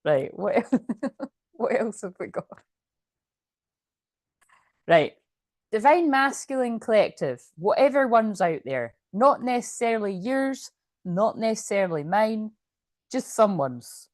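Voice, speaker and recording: A woman's voice: mid-range voice, big pitch swings, slow pace, pauses often, no room sound, studio quality. A woman doing a casual, chatty tarot reading, often laughing as she reads card messages aloud. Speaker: tarot reader.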